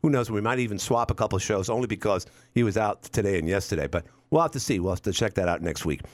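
This fifties-aged radio host chats through an easygoing monologue, wry and prone to repeating words. His voice is lowish and fast, captured on a studio microphone with no room sound at all.

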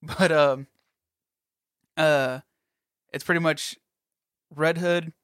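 A man's voice: a little high, steady tone, extremely slow, fairly bright tone, clean tone, dry recording, clean studio sound. A man telling a rambling story in a casual podcast chat, full of fillers.

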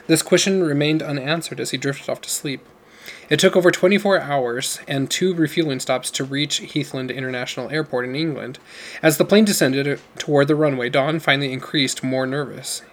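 A man's voice: mid-range voice, a little hiss or hum. A man narrating a novel aloud in a plain reading voice, with occasional slips and self-corrections. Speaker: audiobook narrator.

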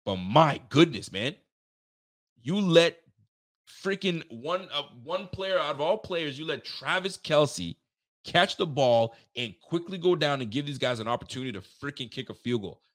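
A man hosting a casual sports podcast, animated and swearing freely, talking straight to his listeners and breaking into loud outbursts. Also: fairly high pitch, moderate pace. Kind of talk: casual fan commentary.

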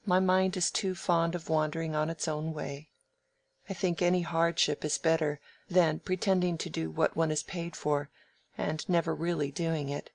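A reader voicing a sharp-witted young woman, frank and teasing, in brisk, crisp audiobook dialogue with mild scolding. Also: medium pitch, level tone, lightly acted.

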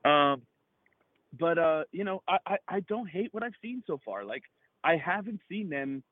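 Over a thin, phone-like line with a dry, close sound, a man chats about sports in a fast, loose ramble full of fillers and swearing. His voice sits a touch high for a man, and he sounds fired up and excitable. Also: dry recording. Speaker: podcast co-host. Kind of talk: casual sports chat.

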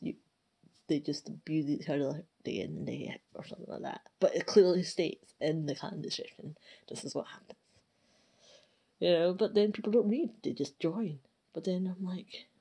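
A woman's voice: medium pitch, dark tone. A woman in casual chat about running her game clan, rambling and exasperated, full of fillers. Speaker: clan leader.

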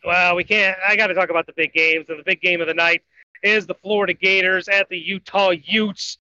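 Podcast co-host, male, high bright voice, rambling betting picks, lo-fi sound. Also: fairly even intonation, a little fast, a little hiss or hum. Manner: rambling, self-correcting picks. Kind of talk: casual sports betting talk. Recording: dull lo-fi audio.

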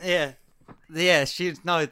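Bright-voiced man telling a story. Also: on the high side, slow, clear, resonant tone, dry recording. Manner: animated, acts out quotes with rising exclamations. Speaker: podcast co-host. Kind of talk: casual storytelling chat.

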